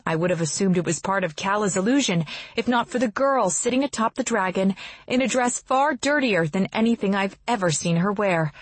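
A woman narrating a first-person fantasy novel in a steady, brisk storytelling manner. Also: medium pitch, breathy edge, dry recording. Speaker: audiobook narrator.

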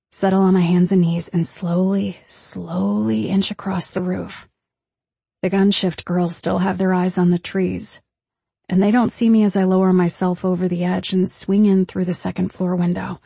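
A woman narrating a first-person audiobook in a measured, tense storytelling manner. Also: lowish voice, flat delivery, gravelly, warm tone, breathy edge, no echo.

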